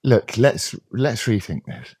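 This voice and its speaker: A man's voice: animated, slow, a little mellow, husky, dry recording, clean studio sound. A man putting on a sarcastic, exaggerated voice of a preachy male climate activist. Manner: sarcastic, exaggerated, high falsetto-ish lilt.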